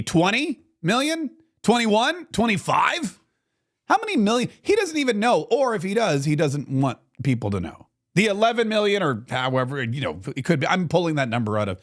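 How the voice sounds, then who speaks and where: Guy hosting a talk show, high voice, swings all over the place, sarcastic rant. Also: moderate pace. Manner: animated, sarcastic, acts out little scenes. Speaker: radio talk show host. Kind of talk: political commentary monologue.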